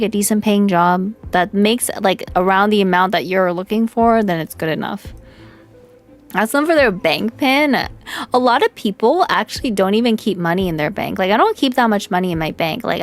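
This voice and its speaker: A woman streaming as a VTuber in casual, blunt chat, from Canada and filling her talk with "like" and "right?". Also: medium pitch. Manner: blunt, chatty, filler-heavy with frequent "like" and "right?". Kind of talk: casual livestream chat reading viewer comments.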